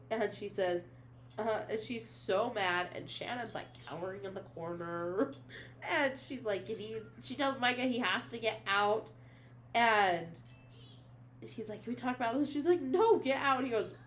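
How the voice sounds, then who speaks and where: A young woman co-hosts a podcast, casually recapping a novel and animatedly reading its quoted lines aloud, with plenty of fillers. Her voice sits at medium pitch and moves at a normal speed. There's a slight hiss or hum in the background.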